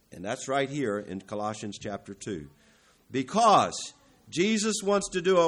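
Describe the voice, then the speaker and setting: A man preaching a sermon, building to emphatic, louder peaks and then dropping to low, quiet stretches, with self-corrections and occasional throat-clearing. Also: lively intonation, measured pace. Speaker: pastor.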